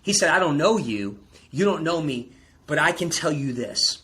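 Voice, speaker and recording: A man with a slightly high voice tells a personal story as a podcast guest. His delivery is intense and builds toward near-shouting peaks. He talks in a casual, bro-to-bro way. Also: big pitch swings, normal speed. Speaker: performance coach and guest.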